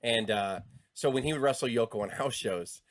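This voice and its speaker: A man's voice: mid-range voice, normal speed, no room sound. A man co-hosting a wrestling podcast, telling rambling stories casually and swearing freely. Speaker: podcast co-host.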